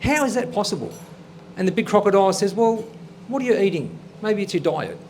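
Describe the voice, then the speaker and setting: A man hosting a comedy show and telling jokes in an upbeat, lively way. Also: high voice, brisk, slight background noise. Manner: upbeat, lively joke delivery. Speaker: show host.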